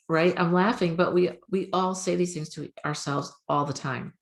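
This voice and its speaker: A woman's voice: lowish voice, steady tone, moderate pace, hardly any pauses. A woman hosting a spiritual podcast, talking casually and encouragingly about oracle cards, with lots of fillers. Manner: chatty, encouraging, many fillers.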